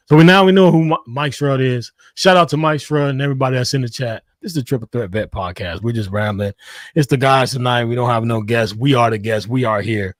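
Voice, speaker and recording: Male podcast host, mid pitch, dry close sound, radio-style break announcements. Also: fairly quick, no echo. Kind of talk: hyped show hosting.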